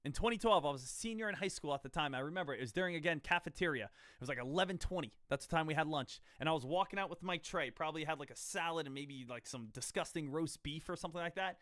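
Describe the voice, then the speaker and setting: A man's voice: a little high, fast talker, few pauses, fairly bright tone, no echo. A man in his thirties talks to his viewers on a live trading stream in a slightly raised voice. The sound is dry, with no room around it. He rambles, repeats himself and throws questions at his audience. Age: 30s.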